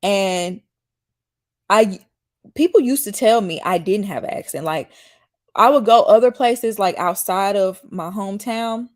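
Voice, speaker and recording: A woman's voice: medium pitch, a little slow. A woman from Mississippi with a slight Southern country accent, chatting casually as a YouTube host on a live stream and answering viewer comments. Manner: chatty, rambling, reads viewer comments aloud and answers them. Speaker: YouTube host reacting to a dating show.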